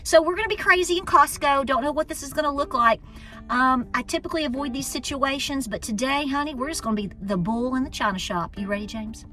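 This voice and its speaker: A woman's voice: sits high, fast, sharp tone, soft background music. A woman with an East Tennessee Southern accent, chatting casually to her channel in a folksy way while filming on a handheld phone. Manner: folksy and chatty, calls people honey. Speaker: homestead channel host. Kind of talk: casual vlog chat. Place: inside a car, then a busy store. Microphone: handheld phone at arm's length.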